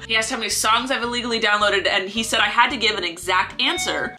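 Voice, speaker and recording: A woman's voice: mid-range voice, fast, hardly any pauses, bright, forceful tone, faint music behind. A young woman vlogging casually, telling a story with lots of laughter and acting out both sides of the conversation.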